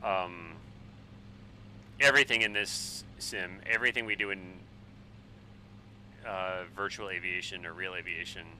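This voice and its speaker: A man in his forties, a bit tipsy on wine, rambling and swearing excitably while chatting on a flight sim live stream. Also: deep voice, unhurried, pauses often, a little hiss or hum, poor audio. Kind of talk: casual live-stream chat while flying.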